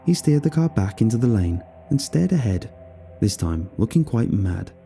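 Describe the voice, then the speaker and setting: A man narrating a first-person horror story in a steady storytelling manner. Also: on the low side, moderate pace, gravelly, faint music behind.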